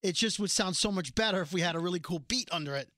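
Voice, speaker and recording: A man with a bright, forceful voice hosts a casual podcast from a radio studio. He tells stories in a lively, chatty way, pitched slightly high for a man. The sound is close and dry. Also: fast, no echo. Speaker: radio morning-show host, podcast host.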